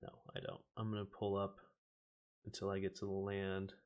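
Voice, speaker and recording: A man's voice: low-pitched, monotone, normal speed, darkish tone, dull audio. A man hosting a casual stream, chatting, laughing often and reading cards and viewer comments aloud. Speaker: host of a card-opening stream. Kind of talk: casual chat while opening card packs.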